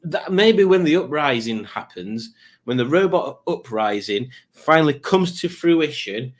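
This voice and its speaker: A man's voice: on the high side, animated, unhurried. Rambling, wry male live-stream host. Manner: rambling, wry asides with frequent fillers. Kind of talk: casual live-stream chat reading viewer comments.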